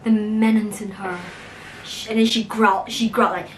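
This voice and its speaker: A woman vlogger casually recapping a movie, animated and acting out the characters' lines as she tells it. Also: medium pitch, normal speed, far from the mic, background noise. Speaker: mukbang vlogger.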